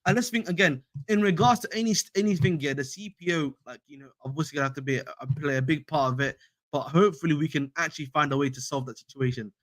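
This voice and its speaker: A man's voice: on the high side, quick pace, a bit bright, dry recording. A young man hosting a casual fan live stream, slangy and repetitive, calling viewers bro. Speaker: fan channel host.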